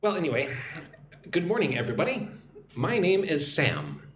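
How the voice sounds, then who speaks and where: A man's voice: on the high side, huge pitch swings, moderate pace, echoey room, slight background noise. A man who teaches English online, chatting on a live stream, reading out viewer comments and greeting them in their own languages. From United States.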